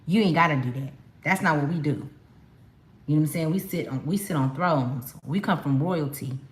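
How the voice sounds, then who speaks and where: This tarot card reader from California has a low voice and speaks at a normal speed. She chats to her viewers emphatically and slangily during a casual spiritual card reading, and the room echoes.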